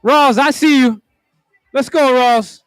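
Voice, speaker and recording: A man opening a conference and hyping the crowd with loud calls to make noise. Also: very high-pitched, takes it slowly, clear, resonant tone, no echo, faint music behind. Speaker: event announcer.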